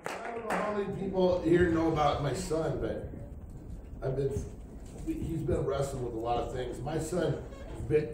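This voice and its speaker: Middle-aged man, church testimony, rambling storyteller, voice sits a bit high, recorded far off in a reverberant hall with light hiss. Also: moderate pace, a crowd in the background. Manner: rambling storyteller who acts out quoted speech. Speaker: church member giving testimony. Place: church during a night service.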